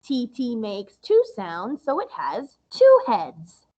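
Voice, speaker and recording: A woman music teacher giving a recorded lesson to young children, explaining slowly and patiently in a sing-song way. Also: fairly high pitch, wildly swooping pitch, warm tone, breathy edge, muffled recording.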